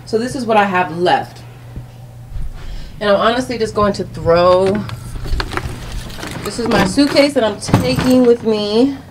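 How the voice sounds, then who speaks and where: A woman's voice: medium pitch, unhurried, pauses often, background noise. Sassy young Southern woman vlogging. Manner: chatty, sassy, addresses viewers as y'all and honey. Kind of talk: casual vlog chat. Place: home closet.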